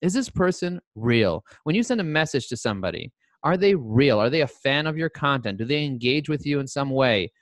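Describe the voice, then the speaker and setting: A man talking as a podcast guest in an animated, motivational way, full of catchy rhymes. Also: mid-range voice, fairly quick, dry recording. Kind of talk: energetic interview talk.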